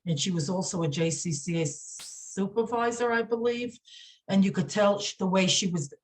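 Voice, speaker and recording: A woman speaking as a podcast guest, indignant and emphatic, with halting speech full of fillers, restarts and repeated phrases. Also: mid-range voice. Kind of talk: emotional podcast interview.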